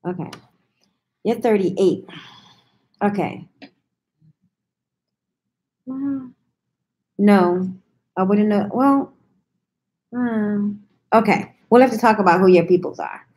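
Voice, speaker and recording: A woman's voice: mid-range voice, slow pace, pauses often, a little mellow, breathy edge. A woman telling a story in a casual, sassy chat to her viewers, teasing them and swearing freely as she answers their comments. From New York, USA. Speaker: vlogger talking to viewers.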